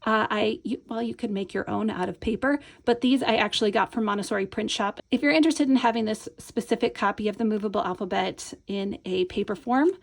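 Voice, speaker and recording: With a mid-range voice touched by vocal fry, a Montessori teacher walks through a hands-on reading lesson as an instructional demo. Her manner stays patient and encouraging, and she keeps checking in with the viewer.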